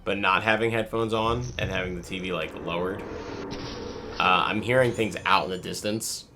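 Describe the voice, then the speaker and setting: Gravelly, low-voiced game commentator. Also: male voice, steady tone, moderate pace, background noise. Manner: rambling, many fillers. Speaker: gameplay video host. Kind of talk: casual let's play commentary.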